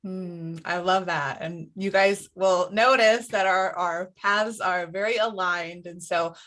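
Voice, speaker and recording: A woman's voice: on the low side, takes it slowly, fairly bright tone. A woman hosting a podcast interview, talking in an enthusiastic, effusive way. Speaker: podcast host.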